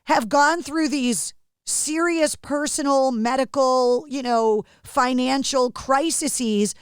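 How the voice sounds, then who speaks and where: Woman podcast host, middle-aged, effusive and chatty, slightly high voice, dry sound. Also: slow, clean tone, no room sound. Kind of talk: casual interview chat.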